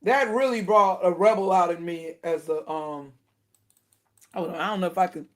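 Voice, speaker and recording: A woman giving casual spoken commentary to her viewers, indignant and animated, laughing between her points. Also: lowish voice, moderate pace. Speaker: video commentator.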